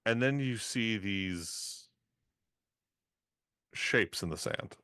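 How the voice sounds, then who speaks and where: Bright, crisp game master man. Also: lowish voice, lively intonation, dry recording, studio quality. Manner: slow, descriptive scene-setting. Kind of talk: narrating a tabletop game.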